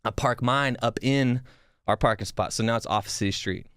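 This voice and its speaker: A young man spins a long, rambling story for his podcast, getting louder and more worked up as he goes, swearing freely and restarting his sentences. His voice sits at an ordinary middle pitch. The sound is dry and close, with no room echo. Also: moderate pace. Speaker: podcast host. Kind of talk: casual storytelling.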